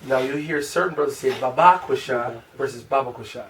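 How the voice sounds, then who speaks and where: A man's voice: mid-range voice, fairly bright tone. Man, Chicago accent, teacher, sounding out syllables, distant mic, faint noise. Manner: asks the group questions, repeats syllables slowly. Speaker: class teacher. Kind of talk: informal group language lesson.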